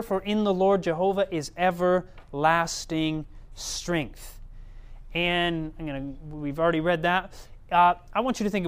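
A man's voice: high-pitched, smooth. A man preaching a sermon in a conversational way, often checking in with the audience.

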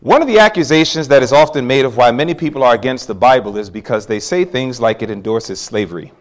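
A man preaching a sermon, telling a personal story with animated swings from hushed asides to loud exclamations. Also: medium pitch, fast.

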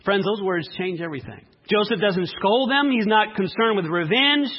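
A man preaching a sermon, reading scripture dramatically and speaking with emphasis and long pauses. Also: high-pitched, lively intonation, slightly rough, highs cut off. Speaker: pastor.

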